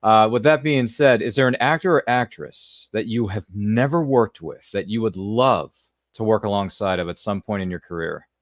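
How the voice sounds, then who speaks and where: A man's voice: lowish voice, normal speed, dry recording. A man co-hosting a charity livestream, friendly and joking as he asks a question. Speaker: fundraiser stream co-host. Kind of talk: livestream interviewing.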